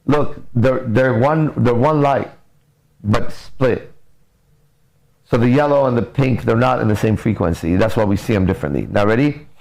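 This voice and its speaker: Blunt, gravelly-voiced male coach. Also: mid-range voice, moderate pace, poor audio. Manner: blunt, profane, lively storytelling. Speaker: mindset and relationship coach. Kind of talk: casual podcast advice talk.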